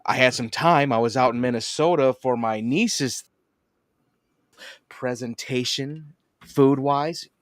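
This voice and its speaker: A man hosting a podcast in casual chat, an animated storyteller who swears and laughs often. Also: medium pitch, takes it slowly, pauses often, no echo, studio quality. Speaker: podcast host.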